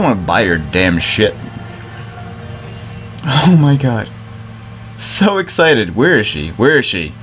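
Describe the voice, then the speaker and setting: A man giving excited commentary over a mobile game, giddy, loud and swearing, laughing as he plays. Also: on the low side, slow pace, long pauses, faint music behind. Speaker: mobile game video creator.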